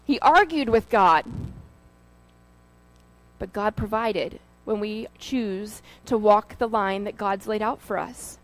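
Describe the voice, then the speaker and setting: A lay preacher, a woman with a medium-pitched voice, gives an informal sermon slowly on a rough recording. She speaks conversationally, telling stories filled with fillers and asides.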